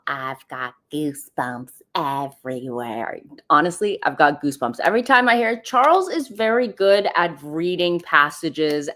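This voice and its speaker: A woman in her thirties hosting a casual livestream, chatting to viewers in a rambling, friendly way. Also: fairly low pitch. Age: 30s. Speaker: livestream host. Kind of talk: casual live-stream commentary.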